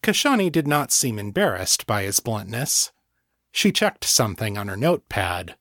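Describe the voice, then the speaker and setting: Expressive male audiobook narrator. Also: fairly low pitch, moderate pace, no echo, clean studio sound. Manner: expressive storytelling. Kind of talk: scripted narration.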